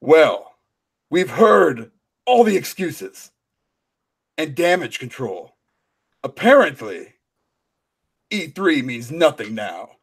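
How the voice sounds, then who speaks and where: A man's voice: on the high side, very animated, slow pace, pauses often, slightly rough, voice pushed down, full character voice. A man voicing a pompous old male professor, reading in a wobbly, bad British accent that slides toward a panicked old man. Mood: mock-serious. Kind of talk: mock-dramatic reading.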